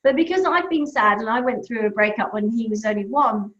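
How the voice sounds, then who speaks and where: A woman's voice: fairly high pitch, brisk. A woman, a breakup coach, giving upbeat advice in a live question-and-answer talk, telling stories with acted-out voices. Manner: animated, storytelling with acted-out voices. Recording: echoey room, dull lo-fi sound.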